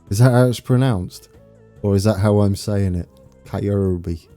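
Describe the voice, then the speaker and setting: Chatting loosely during a live game stream, a young East Anglian man laughs at his own slips and greets viewers by reading their names. He speaks at normal speed in a low voice with a dark, mellow tone, while faint music plays behind him.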